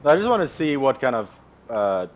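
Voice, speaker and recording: A man's voice: mid-range voice, very animated, normal speed, dull audio, a little hiss or hum. A man streaming a speedrun, chatting casually with friends on a call, often giggling and stammering as he plays. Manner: giggly, stammers while playing. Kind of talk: casual chat over voice call.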